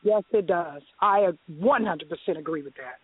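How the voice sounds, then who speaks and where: A woman's voice: lowish voice, breathy edge. A woman hosting a call-in radio talk show, speaking earnestly and readily agreeing with the others. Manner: earnest, quick to affirm others. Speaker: radio host. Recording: tinny phone-like radio line.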